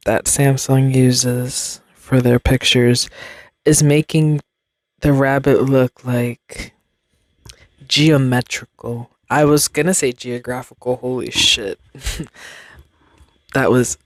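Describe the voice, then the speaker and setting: A woman's voice: a bass voice, no room sound, studio quality. A young adult woman hosting a podcast, rambling in casual chat with slang and frequent laughs. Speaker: podcast host.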